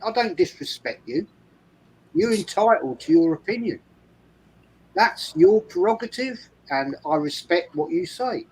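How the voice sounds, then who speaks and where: A man's voice: fairly high pitch, breathy edge, rough recording. A man with a London accent hosting a fan channel, talking bluntly and emphatically in casual chat, swearing freely. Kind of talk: casual chat on a live stream.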